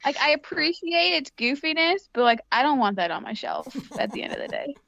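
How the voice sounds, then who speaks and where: High, animated woman thinking aloud. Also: a little fast, creaky. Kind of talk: casual podcast chat. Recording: dry, dull lo-fi audio.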